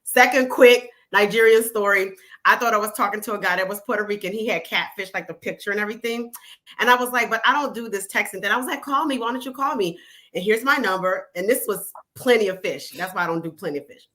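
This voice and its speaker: A woman guest telling dating stories in a casual chat, animated, unfiltered and quick to laugh. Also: mid-range voice. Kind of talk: casual storytelling.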